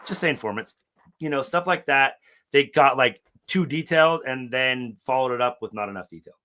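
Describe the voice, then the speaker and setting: A man's voice: mid-range voice, a little fast. A man co-hosting a fan podcast, chatting casually and profanely, often mimicking characters. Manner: profane, animated, mimics characters in funny voices. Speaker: podcast co-host. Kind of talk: casual chat.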